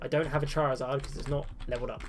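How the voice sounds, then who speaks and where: A man's voice: mid-range voice, fairly even intonation, rapid-fire, a little hiss or hum. A man chatting casually on a live game stream at home, answering chat in a self-mocking way.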